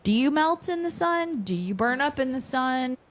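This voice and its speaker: A woman's voice: high-pitched, expressive, moderate pace. Chatty, rambling woman podcast co-host. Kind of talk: casual chat.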